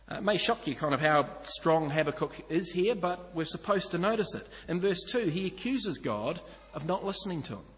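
A man preaching a sermon to a congregation, earnest and full of rhetorical questions. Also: on the high side. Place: church hall. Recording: dull echoey church recording.

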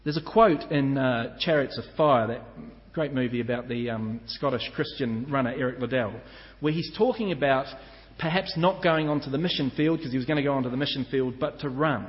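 A man preaching a sermon as pastor, earnest and measured, slowing down to stress each point of a list. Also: medium pitch. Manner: earnest, measured preaching with slow emphatic lists. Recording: muffled church hall with long reverb.

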